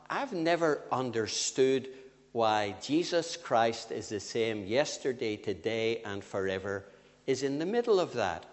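Older man preaching, slow, echoing. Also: mid-range voice. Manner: lively with sudden rises and drops, slow emphatic phrasing. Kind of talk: sermon. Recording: long reverb of a church hall.

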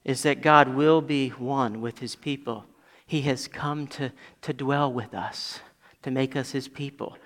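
A man preaching a sermon as pastor, building to loud emphatic peaks and dropping to quiet asides. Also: fairly high pitch, long reverb tail.

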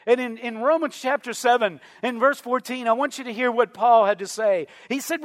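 A man preaching a sermon, quoting scripture and drawing out his key phrases with slow emphasis. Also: extremely high pitch, a bit bright. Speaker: pastor. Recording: long hall reverb.

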